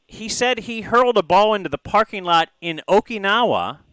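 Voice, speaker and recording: A man co-hosting a sports radio show, setting up a topic in a halting way with many pauses and fillers. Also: high voice, animated, pushed and bright, clean tone, dry recording, rough recording. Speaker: radio co-host. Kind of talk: casual sports radio chat.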